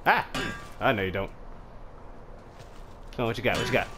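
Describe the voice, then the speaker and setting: A young man casually commenting while playing a fighting game, trash-talking opponents and shouting battle cries. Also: lowish voice, brisk, noisy background. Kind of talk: casual let's-play commentary.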